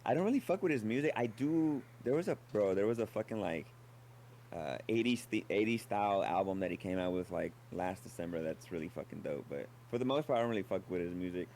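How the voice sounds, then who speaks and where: A man's voice: fairly low pitch, animated, fast, a little mellow, a little hiss or hum. A man as a guest on a livestream chat, talking in a laid-back, rambling way with lots of fillers and casual swearing.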